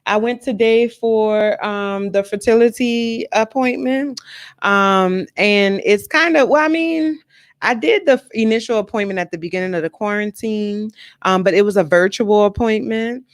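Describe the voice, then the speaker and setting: A woman's voice: medium pitch, normal speed, dry recording. Woman on a live stream just chatting w her viewers, candid and personal, lots of ums and repeating herself. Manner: emotional, personal storytelling. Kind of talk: casual chat to viewers.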